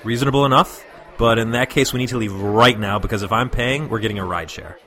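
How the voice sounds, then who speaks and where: A man's voice: medium pitch, quick pace, sharp tone. A man co-hosting a comedy podcast, talking in an exasperated, sarcastic way. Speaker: podcast co-host. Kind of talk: improvised comedy sketch.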